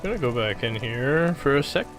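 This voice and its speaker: A man's voice: medium pitch, expressive, fairly quick, a bit bright, soft background music. A man playing a game and reading his dialogue choices aloud in a hesitant, joking way. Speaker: game streamer. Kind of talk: let's play commentary and reading dialogue.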